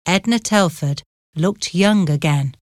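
A woman narrating a storybook in a measured, plain way. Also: fairly low pitch, no room sound, clean studio sound.

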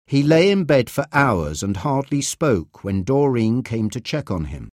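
A man reading a story aloud as narrator, slowly, clearly and deliberately. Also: medium pitch, big pitch swings, no room sound, studio quality. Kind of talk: scripted narration of a graded reader.

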